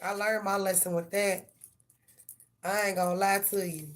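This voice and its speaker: A woman's voice: mid-range voice, flat delivery, normal speed, background noise. Profane woman doing live tarot readings. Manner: blunt, profane, talks straight to viewers. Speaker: tarot reader. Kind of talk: live-stream tarot reading and casual chat.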